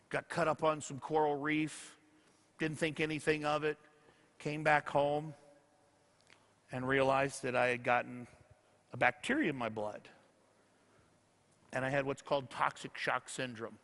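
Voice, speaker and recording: A man's voice: mid-range voice, flat delivery, a little slow, long pauses, fairly bright tone. A man giving a motivational speech to an audience, telling stories and acting out what people said to him. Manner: storytelling, acting out quoted dialogue. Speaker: motivational speaker. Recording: echoey hall.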